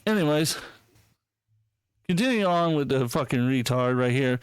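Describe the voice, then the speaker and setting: A man's voice: medium pitch, expressive, moderate pace, clean tone, no room sound. A man hosting a podcast, ranting with heavy profanity, mocking and indignant, reading posts aloud and laughing. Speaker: podcast host. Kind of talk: casual podcast rant.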